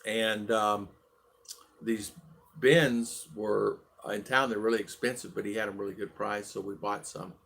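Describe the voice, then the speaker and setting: A gravelly-voiced man hosts a casual live stream, greeting viewers one by one in a friendly way. He rambles, stops and restarts often, and fills pauses with "um" and "uh" as he chats. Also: fairly low pitch, steady tone, a bit bright. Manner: rambling, halting, many fillers and restarts. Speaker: livestream vlog host.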